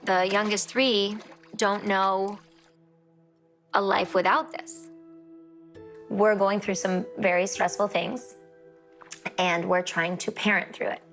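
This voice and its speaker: A woman in her forties talks in a measured, earnest way, pausing to reflect. Her voice sits at an ordinary middle pitch. Soft music plays faintly underneath. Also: fairly even intonation. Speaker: reality show cast member. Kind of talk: confessional interview.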